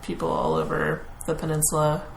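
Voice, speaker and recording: A woman's voice: low voice, completely flat delivery, brisk, slight background noise, low-quality recording. A woman playing a tabletop game, speaking earnestly and encouragingly. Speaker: player.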